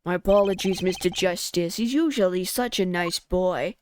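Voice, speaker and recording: A woman doing a gruff old mob boss, New York accent. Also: lowish voice, normal speed, a little mellow, a little hiss or hum, voice pushed down, natural voice. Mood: stern. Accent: put-on New York. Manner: threatening, says capiche. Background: game music.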